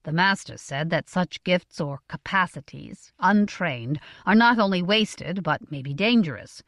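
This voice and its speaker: A stern middle-aged merchant father, as a woman reader gives him voice, speaks in an earnest, deliberate way. His pitch moves freely as he weighs each word, and the recording is close and dry. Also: lively intonation, no room sound. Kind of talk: audiobook character voice.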